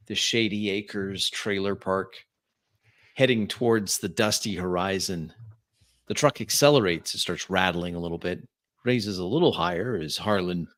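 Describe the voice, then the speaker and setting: A man's voice: sits low, a bit bright. A man narrating as a tabletop game master, in a loose way full of fillers and restarts.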